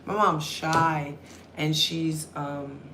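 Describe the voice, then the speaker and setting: A young woman vlogger, chatting loudly and telling stories straight to camera. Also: sits low, little pitch movement, drawn-out words, noisy background. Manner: loud, chatty storyteller. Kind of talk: casual talk to camera.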